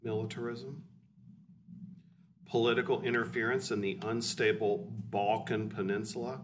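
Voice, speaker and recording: A man teaching history in a loose, blunt way, as if chatting with students. His voice sits at a middle pitch and is picked up from a distance, with a faint hiss underneath. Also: level tone, normal speed. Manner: blunt, conversational, explanatory. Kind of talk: casual classroom lecture.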